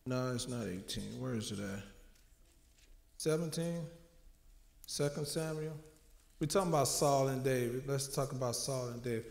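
A man's voice: medium pitch, normal speed, gravelly, long pauses, darkish tone. Emotional preaching man in an echoey church. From New Orleans. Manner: emotional, conversational preaching with dramatic quotes. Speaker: minister. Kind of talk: sermon.

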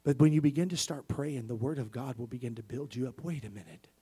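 A pastor preaches in a husky, breathy voice of average pitch, talking fast. His delivery jumps between loud, emphatic bursts and soft near-whispers, and he calls out for amens as he goes.

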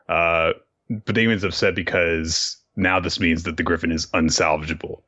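A man's voice: sits low, fairly even intonation, moderate pace, sharp tone, dull audio. A man casually recapping a manga story in a loose, rambling way, with lots of fillers and crude asides. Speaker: podcast host recapping a manga.

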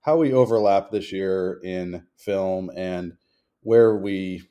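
Deep mellow-voiced male podcast host. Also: muffled recording. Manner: articulate, wordy, deliberate. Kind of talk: casual chat. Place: hotel room in Montreal. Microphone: remote call recording.

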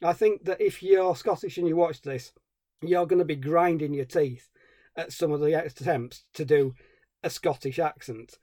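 Wry man, mellow and dry. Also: fairly high pitch, moderate pace, no echo. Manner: wry, sarcastic ranting. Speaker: podcast co-host. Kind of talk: casual film review chat.

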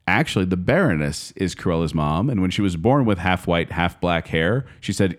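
A man co-hosting a casual movie review podcast, retelling the plot in an animated, jokey way. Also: low-pitched, normal speed, hardly any pauses. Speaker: podcast co-host.

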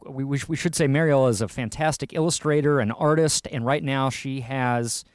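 A man's voice: medium pitch, normal speed, clear, resonant tone, dry recording, studio quality. A man hosting a casual podcast chat, upbeat and laughing often. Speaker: podcast host.

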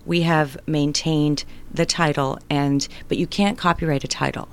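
A woman's voice: deep voice, moderate pace, smooth. A middle-aged woman, a writer and performer, telling stories in a conversational interview and acting out family voices along the way. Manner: animated, acts out family voices in anecdotes.

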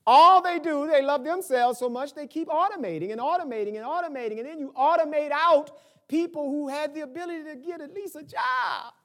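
An older man preaching a sermon, dropping into quiet asides and rising to emphatic peaks. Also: a little fast. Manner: animated preaching, swinging from low asides to high emphatic peaks. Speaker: pastor.

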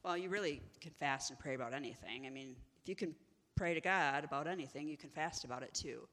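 Woman, ministry leader, inspirational talk, animated storytelling, bright voice, reverberant hall. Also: low-pitched, fast. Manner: animated storytelling, acts out the people in the stories. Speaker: ministry executive director.

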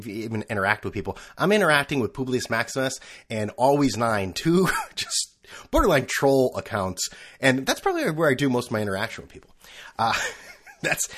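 A man's voice: mid-range voice, fairly bright tone, slightly rough. A man hosting his own podcast, ranting casually with sarcasm and frequent swearing. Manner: profane, sarcastic, acts out quoted voices. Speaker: podcast host. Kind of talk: casual solo podcast rant.

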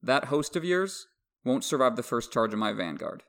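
A man's voice: medium pitch, sing-song, moderate pace, a bit bright. A podcast host voicing a smug, mocking young nobleman in a dramatic novel reading, airy and boastful.

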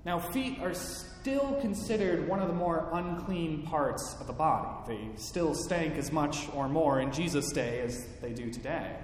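A male pastor preaching at an unhurried pace, pausing for dramatic effect, his voice sitting a little high. The sound bounces around a large hall with long reverb and a faint rumble. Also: expressive. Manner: slow, deliberate, dramatic pauses. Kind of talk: sermon.

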